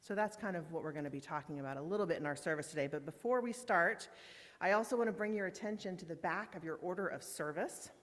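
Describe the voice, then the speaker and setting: A woman's voice: on the low side, fast talker. A woman minister welcoming her congregation in an informal, friendly way, with fillers and the odd slip. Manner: warm, informal, with fillers and slips. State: emotional, holding back tears. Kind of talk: welcome and announcements in a church service. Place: large church meetinghouse. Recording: long church reverb.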